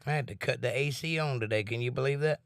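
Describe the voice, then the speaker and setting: Relaxed man chatting on a livestream. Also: mid-range voice, quick pace, vocal fry, clear, resonant tone, no room sound. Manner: relaxed, earnest, talks about faith and reads chat comments. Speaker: livestream host. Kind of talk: casual chat with viewers.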